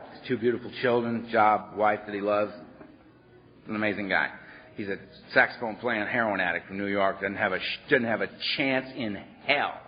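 A man telling stories at a recovery workshop, animated and blunt with salty language. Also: on the low side. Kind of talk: storytelling talk. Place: workshop room. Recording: dull lo-fi workshop recording.

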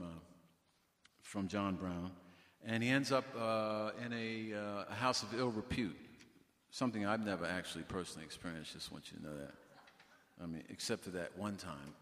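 A man's voice: lowish voice, normal speed, fairly bright tone. Man telling a story on a stage. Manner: casual, joking, with many fillers and restarts. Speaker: author and bandleader. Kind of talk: storytelling to a live audience. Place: stage in a library event hall. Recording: live stage mic in a hall with music.

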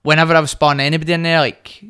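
A man's voice: fairly high pitch, flat delivery, very fast, sharp tone, clean tone. A young man with a Scottish accent, a guest boxer telling cocky stories with a laugh in casual podcast chat.

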